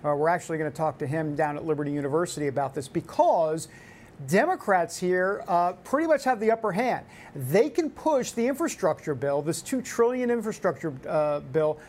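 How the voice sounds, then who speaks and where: A man's voice: sits high, a little mellow. A man hosting a talk show, giving casual political commentary in a rambling way. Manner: rambling, with many restarts and fillers.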